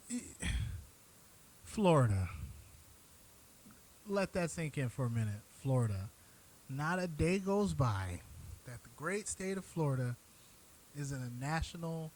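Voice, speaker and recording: A man's voice: medium pitch, a little mellow, slight background noise, low-quality recording. A man hosting an online show, talking straight to his audience in an earnest, blunt way that turns profane when he gets worked up. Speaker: show host. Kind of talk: direct-to-camera commentary.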